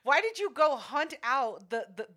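A woman co-hosting a podcast in casual chat, bluntly cutting in with questions and quick reactions. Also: high-pitched, big pitch swings, bright, forceful tone. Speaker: podcast co-host.

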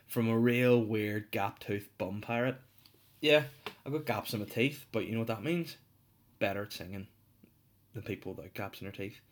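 A man hosting his own podcast, rambling and joking about himself with many restarts. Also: fairly low pitch. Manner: rambling, jokey, self-mocking, many restarts. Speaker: podcast host. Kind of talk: casual solo podcast chat.

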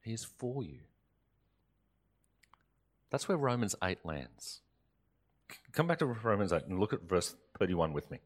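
A man preaching a sermon as pastor, earnest and emphatic, rising in force and then dropping to soft, slow phrases. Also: deep voice, sing-song. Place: church or studio, recorded for online service.

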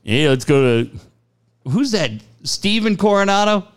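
A man hosting a sports radio show, telling profane, animated stories and laughing often. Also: high voice, measured pace, clean tone. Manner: profane, animated storyteller who laughs a lot. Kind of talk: casual sports radio banter.

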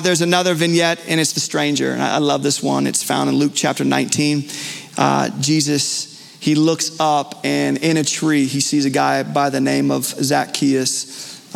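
A man's voice: mid-range voice, vocal fry. A male pastor preaching a live sermon in a church, earnest and conversational with frequent fillers and restarts. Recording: long church hall reverb.

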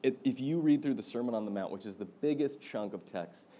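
A young man preaching a sermon, telling a lively story and laughing often as he talks. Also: mid-range voice, fairly quick. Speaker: pastor.

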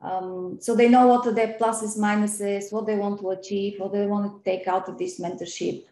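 A middle-aged woman from Eastern Europe, a banking professional, answering as a podcast guest in an earnest, quick way with frequent ums and repeated words. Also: medium pitch, fairly even intonation, warm tone, echoey room, rough recording. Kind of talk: interview podcast conversation.

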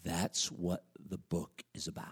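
A man preaching a conversational sermon, checking in with the audience with frequent questions and slowing right down to stress key words. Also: low-pitched, completely flat delivery, husky. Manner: wide swings in loudness and emphasis, drawn-out slow words. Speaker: pastor.

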